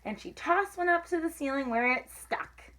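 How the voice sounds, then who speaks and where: A woman's voice: high voice, normal speed, sharp tone. A woman reading a children's picture book aloud in a slightly raised voice. She stops now and then to explain big words for young listeners. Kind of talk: storybook read-aloud.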